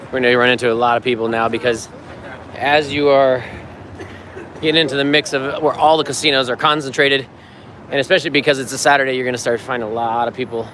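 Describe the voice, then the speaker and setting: A man's voice: medium pitch, steady tone, fast talker, a bit bright, a little hiss or hum. A man from the United States giving an easygoing, chatty live-stream walking tour outdoors on a city street, laughing often, filmed on a handheld phone. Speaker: vlogger and circus performer.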